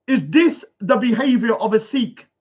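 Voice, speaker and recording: Man, indignant livestream rant, high voice, dull lo-fi audio. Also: normal speed, breathy edge. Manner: indignant, reads comments aloud then rebuts. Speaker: online commentator reading viewer comments.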